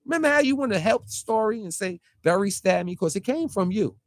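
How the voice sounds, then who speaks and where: A man rants in confrontational street talk, hammering his target with rapid rhetorical questions and mocking quoted voices. His pitch swings widely and sits a little high. The sound is dry and close, with no room around it. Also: big pitch swings, no room sound. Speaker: online commentator. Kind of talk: heated street-talk rant.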